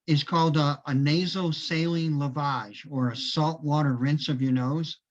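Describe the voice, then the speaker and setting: A man, a physician, giving relaxed health advice on a casual call and often repeating short approvals. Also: fairly high pitch, measured pace, dull audio.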